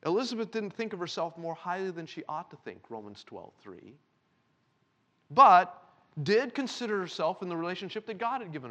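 Lively, animated male preacher. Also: fairly high pitch. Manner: animated preaching, reads scripture slowly and loudly. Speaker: pastor. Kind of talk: sermon.

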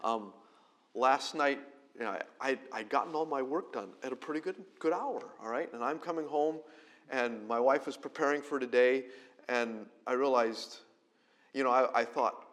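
A middle-aged pastor delivers a sermon in an easy, conversational way. His voice rises into loud, emphatic lines and then falls back to quiet, close-spoken stretches. He sits at an ordinary middle pitch for a man. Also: moderate pace.

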